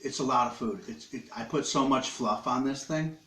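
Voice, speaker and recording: A man's voice: mid-range voice, normal speed, sharp tone, echoey room. A man hosting a casual live stream from his living room, joking crudely with viewers while he eats. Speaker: livestream host. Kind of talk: rambling casual live chat.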